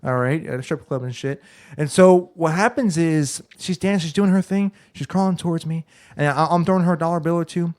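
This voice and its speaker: Brief: young male podcast co-host, slightly higher voice, rambling and crude storyteller, heavy swearing. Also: fairly quick, a little mellow. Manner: rambling storyteller, swears a lot, restarts often. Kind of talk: casual crude chat.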